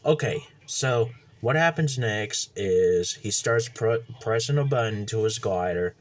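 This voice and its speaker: A man recapping a movie plot casually, rambling and halting with lots of fillers. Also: lowish voice, lively intonation, slight background noise. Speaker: movie reviewer.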